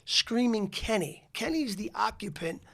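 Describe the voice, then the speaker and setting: A man's voice: high-pitched, normal speed, creaky, a bit bright. A man, a podcast guest telling a long story in a rambling way, with many restarts and fillers. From the Bronx, New York City. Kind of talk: casual storytelling interview.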